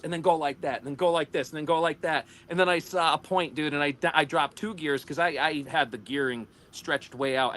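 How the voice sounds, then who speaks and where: This is an American man talking casually on a livestream. His voice sits a bit high. He rambles through stories and laughs often. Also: a bit bright. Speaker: livestream co-host. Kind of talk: casual storytelling chat.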